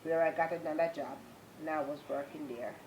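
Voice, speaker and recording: A woman's voice: low-pitched, steady tone, a little fast, a little mellow, a little hiss or hum, rough recording. A woman with a Jamaican accent giving a personal religious testimony, telling her story earnestly and moving into repetitive, preaching praise.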